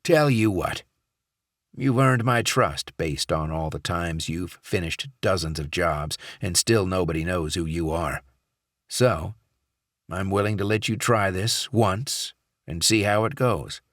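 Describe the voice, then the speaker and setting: A male audiobook narrator voicing a gruff, impatient handler who gives clipped, insistent orders. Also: low voice, unhurried, a bit bright, no echo, clean studio sound. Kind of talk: audiobook character voice.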